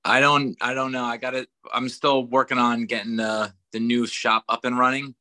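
A man, a student, chatting casually and easygoing with his teacher over a video call, slightly halting and laughing easily. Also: medium pitch, level tone, bright, forceful tone. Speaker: student joining a class by call. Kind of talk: casual chat.

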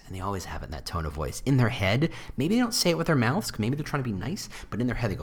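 A man talks shop in a loose, riffing monologue. His pitch swings widely, with sudden jumps up into mocking voices for quoted lines. Between those jumps he drops into dry, self-deprecating asides. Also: fast, few pauses, breathy edge. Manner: animated, jumps into high mock voices for quotes. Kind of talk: casual monologue on employer branding.

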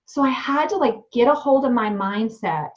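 Young woman guest, restaurant owner, animated and candid, slightly high voice, dull lo-fi sound. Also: normal speed. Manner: animated, candid, many fillers. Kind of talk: storytelling interview.

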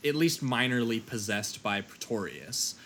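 A man's voice: medium pitch, lively intonation, unhurried, crowd noise. A man co-hosting a casual film discussion, often restarting his sentences and laughing. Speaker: podcast co-host. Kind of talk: casual chat.

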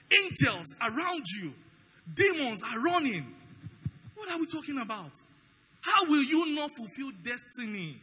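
Preaching a sermon, a pastor with a Nigerian accent tells stories animatedly and acts out the dialogue. His voice is very high with a breathy edge, captured in poor audio with a big-room sound.

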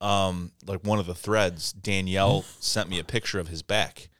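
A man's voice: deep voice, normal speed, dry recording, clean studio sound. A man co-hosting a podcast, telling a story in a casual chat, acting out quotes with pained yelps and laughing often. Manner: animated, acts out quotes with loud pained yelps. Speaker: podcast co-host.

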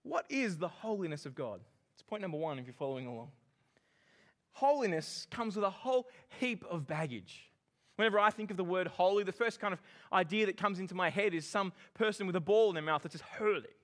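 A new man, a pastor, delivers a sermon in a high voice. He's animated and cracks quick jokes, adding lively emphasis throughout.

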